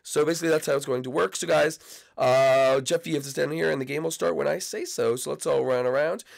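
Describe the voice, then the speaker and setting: Man, gravelly, sick with a cold, excitable rambling gameplay commentary. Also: on the high side, fast. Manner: excitable, rambling, shouts out to friends. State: sick, coughing. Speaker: YouTube gaming host.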